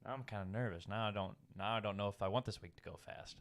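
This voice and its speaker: A man's voice: lowish voice, quick pace. A young man co-hosting a podcast in a laid-back casual chat, swearing casually. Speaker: podcast co-host.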